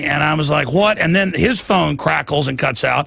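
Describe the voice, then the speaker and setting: Brief: gravelly, bright-voiced man, talk radio host, stammers and restarts. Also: mid-range voice, fast, few pauses, dry recording, clean studio sound.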